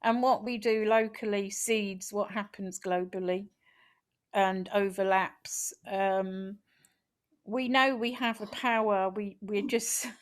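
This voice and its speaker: A woman activist reading her own poem in a slow, rhythmic recitation, then talking casually, over a video call. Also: mid-range voice, level tone. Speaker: poet and activist.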